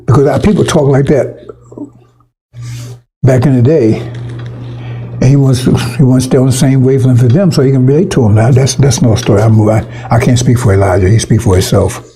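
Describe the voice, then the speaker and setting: A man's voice: mid-range voice, a little fast, dark tone, low-quality recording. A man preaching an improvised online sermon into his computer microphone, blunt and rambling, with frequent profanity and chuckles.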